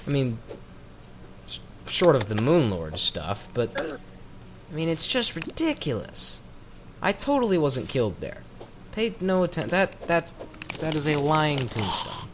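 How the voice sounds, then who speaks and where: A man's voice: fairly high pitch, wildly swooping pitch, unhurried, pauses often, background noise. A man from the American South giving rambling, chatty let's-play commentary with self-mocking asides, talking into a desk microphone. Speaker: gaming commentator.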